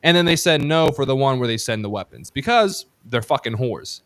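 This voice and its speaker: A man's voice: mid-range voice, lively intonation, fairly quick, a bit bright, no room sound. Man, podcast host, heated casual rant, profane, frequent restarts, dry close sound. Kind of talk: casual political chat.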